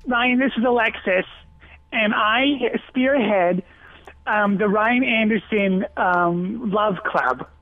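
A woman phones in to a radio show, earnest and a bit halting as she gushes devotion. Her voice comes through a thin, tinny phone line with no room around it, sitting at a middling pitch. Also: no room sound. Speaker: caller.

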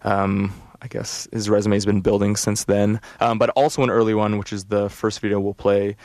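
A man's voice: fairly low pitch, flat delivery, moderate pace, darkish tone, no room sound. A man co-hosting a college radio music show, chatting casually in a rambling, hesitant way with many fillers.

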